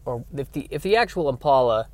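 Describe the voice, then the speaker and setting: A man's voice: medium pitch, animated, brisk. A man hosting a solo podcast from his car, rambling in a wry, self-deprecating way. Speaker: podcast host. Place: in a car by a street.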